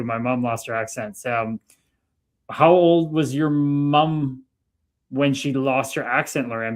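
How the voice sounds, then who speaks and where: A man from Canada hosting a casual livestream, chatting easily and reading out viewer comments. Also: mid-range voice. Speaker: livestream host.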